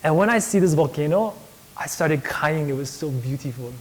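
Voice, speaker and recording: Picture a wistful traveler, lingering over each word, as a man puts him on. The voice sits a little higher than the average man's and is slow and dreamy. It is clearly a put-on voice, set apart from the speaker's own timbre. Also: animated, lightly acted.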